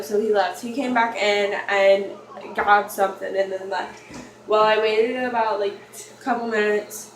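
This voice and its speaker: A young woman vlogger telling a personal story in a rambling, confessional way, full of fillers and restarts. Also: mid-range voice. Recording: echoey room, mic far off, faint noise.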